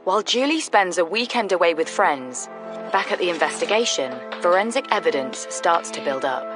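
A woman delivering scripted documentary narration in a steady, grave tone. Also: on the low side, normal speed, over music.

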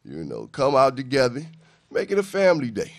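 A man's voice: mid-range voice, wildly swooping pitch, brisk, creaky. A man hosting a local TV talk show, chatting in an upbeat, folksy way and plugging community work.

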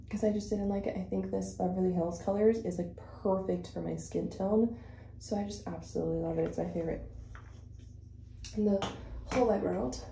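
A chatty woman vlogger, a native Spanish speaker, talks through her makeup routine with plenty of fillers and a slightly breathless delivery. Her voice is mellow and dark, and it bounces around an echoey room. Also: on the low side, creaky, slight background noise. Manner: chatty, rambling with fillers and self-corrections. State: a little out of breath. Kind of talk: casual chat while doing makeup.

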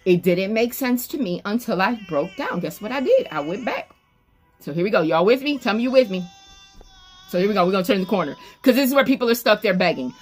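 A woman's voice: medium pitch, expressive, brisk, soft background music. A woman preaching an online sermon, emphatic and repetitive, calling on listeners by name.

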